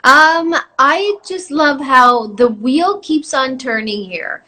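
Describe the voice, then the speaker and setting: Bright, chatty woman guest. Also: high-pitched, lively intonation, slow pace. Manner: chatty and laughing, playful. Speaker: actress guest. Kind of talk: casual video-call interview.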